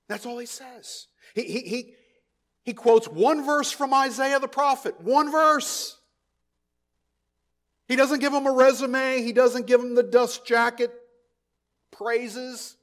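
A man with a notably high voice delivers a sermon. He speaks emphatically, repeating key phrases for weight, and drops his voice low for quiet asides. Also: fairly even intonation, slow pace, long pauses. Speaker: pastor.

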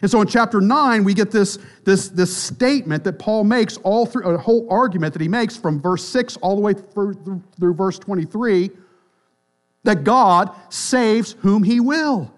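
A high-pitched man preaches a sermon in a church. He speaks emphatically, building to loud declarations and then dropping to quiet, low lines. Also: unhurried. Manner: emphatic, rises and drops sharply in pitch and volume. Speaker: pastor.

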